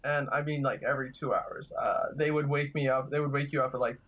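A man's voice: mid-range voice, fairly even intonation, a little fast, fairly bright tone. Chatty man telling stories, lo-fi. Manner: chatty, laughs through anecdotes, lots of fillers. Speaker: guest, kidney donor. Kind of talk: casual storytelling.

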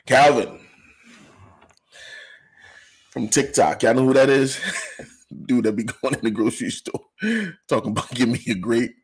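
A man's voice: mid-range voice, steady tone, moderate pace, slightly rough. A man hosting an informal online show, talking casually to his viewers, laid-back and slangy. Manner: laid-back, laughing often, slangy asides.

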